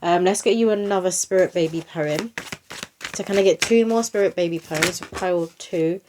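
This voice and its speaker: A young woman talks through a psychic card reading. Her voice sits a little low, and her delivery is chatty and flowing. She slips into a gentle reading voice for rhyming poems. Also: moderate pace, background noise. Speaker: psychic medium host.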